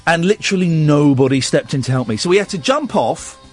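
A man's voice: on the high side, animated, a little fast. A middle-aged man hosting a casual radio show, telling stories in a chatty, rambling way. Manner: chatty storyteller, breaks into loud sung snatches. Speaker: radio host. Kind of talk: casual late-night radio chat.

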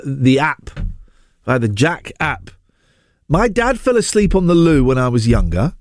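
A man's voice: medium pitch, a little mellow, no room sound, studio quality. A man hosting a radio phone-in, chatting casually with callers in a jokey, sarcastic, self-mocking way. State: getting a sore throat. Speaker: radio host. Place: radio studio. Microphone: studio microphone.

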